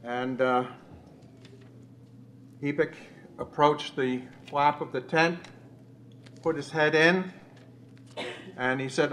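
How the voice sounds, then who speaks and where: A man in a Bible study, slowly recounting a missionary story with many pauses and fillers. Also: on the high side, fairly even intonation, a bit bright, a little hiss or hum. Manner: slow, measured storytelling with frequent uh fillers.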